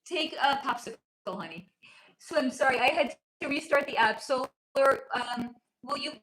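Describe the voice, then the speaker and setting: A woman's voice: high voice, expressive, normal speed, a bit bright, reverberant, poor audio. A woman hosting a casual livestream from home, chatting playfully with viewers, teasing them and laughing often. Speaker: livestream host and spiritual reader. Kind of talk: casual livestream chat, answering viewer comments. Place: at home with her child nearby.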